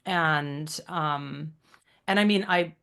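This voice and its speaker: Woman, 30s, low-pitched, reflective, heartfelt podcast chat. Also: slow, fairly bright tone, clear, resonant tone. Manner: reflective, heartfelt, many fillers. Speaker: podcast co-host.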